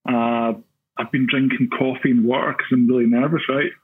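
A man's voice: medium pitch, level tone, normal speed, breathy edge. A young Scottish man with a Glaswegian accent, telling a long story casually as a podcast guest, full of fillers and self-deprecating asides. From Scotland. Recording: tinny phone-like line.

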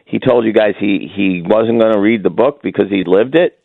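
Low gravelly man on a phone line. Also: normal speed, dry recording. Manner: rambling, self-correcting, opinionated. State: hiccuping. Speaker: guest columnist. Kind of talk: casual sports chat by phone.

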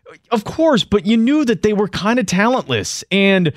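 A male sports radio host venting in frustration, his voice slightly high. The sound is dry and close. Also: big pitch swings, moderate pace, no echo. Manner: frustrated ranting.

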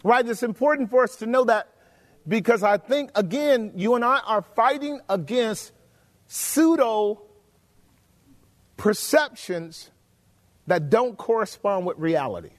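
Male preacher, high voice, emphatic sermon delivery, reverberant hall sound. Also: animated, a little slow, long pauses. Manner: emphatic, rhetorical questions to the congregation.

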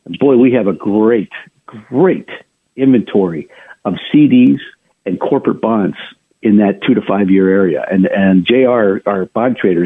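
A man's voice: fairly low pitch, breathy edge. A male radio host giving chatty financial market commentary, talking straight to his listeners with frequent restarts and asides. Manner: chatty, addresses listeners directly, many restarts. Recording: narrow phone-like radio sound.

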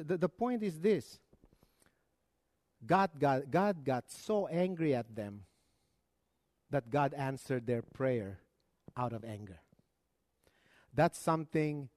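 A man's voice: on the high side, a little mellow, dry recording. A male pastor preaching a sermon, with conversational asides and dramatic rises and drops in his delivery.

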